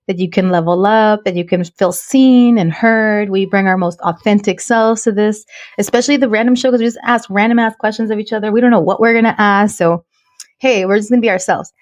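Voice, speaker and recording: A woman's voice: medium pitch, steady tone, a little fast, darkish tone. Woman, thirties, podcast host, chatty, upbeat, teasing, bilingual English-Spanish. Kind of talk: casual chat.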